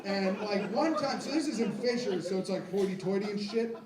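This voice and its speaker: A young man with a high voice riffs through a crude, self-deprecating stand-up set. He rambles and throws quick asides at the audience. His voice rings through an echoey club, caught from a distance over a loud, laughing crowd. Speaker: stand-up comedian. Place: comedy club stage with a live audience.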